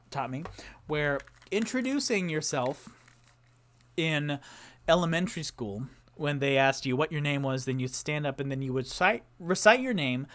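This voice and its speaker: Animated man chatting on a tipsy stream. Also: on the high side. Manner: animated, reciting playful rhymes and spelling games. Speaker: solo streamer host. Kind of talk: tipsy casual chat to a live audience. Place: home streaming setup with a noisy fan. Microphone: streaming mic.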